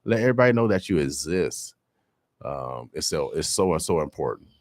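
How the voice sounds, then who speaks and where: A man hosts a morning radio show, making hyped, animated announcements and chatting casually about community events. His bass voice moves at a moderate pace, with no echo.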